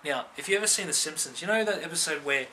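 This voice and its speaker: On a low-quality recording with slight background noise, a vlogger of Filipino heritage tells his personal testimony quickly, in a highish, sharp voice with lively intonation. He speaks earnestly and conversationally, with many fillers, checking "right?" after his points.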